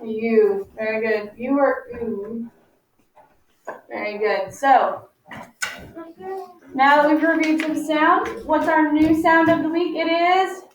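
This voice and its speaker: A woman teacher leading a phonics lesson for young children, patient and encouraging, stretching out sounds slowly for them to follow. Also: sits high, steady tone, slight background noise. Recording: echoey, distant, muffled classroom audio.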